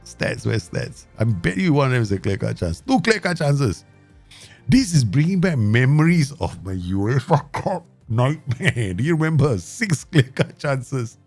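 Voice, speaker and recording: A man hosting his gaming channel, giving live commentary and talking to himself and the viewers in an excitable way. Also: medium pitch, normal speed, hardly any pauses, faint music behind. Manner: excitable, talks to himself and the viewers, frequent laughs.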